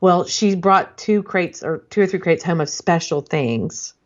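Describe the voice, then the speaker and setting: A middle-aged woman co-hosts a casual podcast chat, telling rambling family stories with restarts and laughs. Her voice sits on the low side. The sound is dull and lo-fi, like call audio. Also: a little slow. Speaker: podcast co-host.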